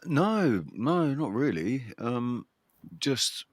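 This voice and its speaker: A man's voice: medium pitch, sing-song, very slow, dry recording, studio quality. A man hosting a livestream in casual chat, rambling and restarting his sentences, with a chuckling laugh. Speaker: livestream host.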